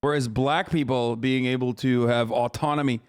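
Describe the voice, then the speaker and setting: A man's voice: medium pitch, fairly even intonation, moderate pace, a little mellow, smooth. A man streaming live reaction commentary, mocking and incredulous in a casual way.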